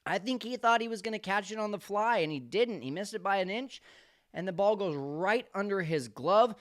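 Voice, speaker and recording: A man giving an excited, emotional breakdown of a baseball game, swinging from low mutters to loud shouts. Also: moderate pace. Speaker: baseball commentator.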